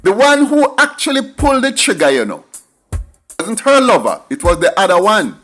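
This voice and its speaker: A man's voice: high-pitched, huge pitch swings, moderate pace, a bit bright, soft background music. A middle-aged man with a Jamaican accent tells a story in an emphatic monologue, slipping into patois for asides. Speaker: commentator.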